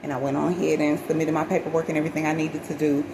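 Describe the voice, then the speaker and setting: A woman tells a story in a casual vlog, with a fairly low voice. She is animated and dramatic and acts out the people in it. The recording carries a clear steady hiss behind her. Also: racing. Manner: animated, dramatic retelling with quoted voices and religious exclamations. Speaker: vlogger. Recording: noisy background hiss.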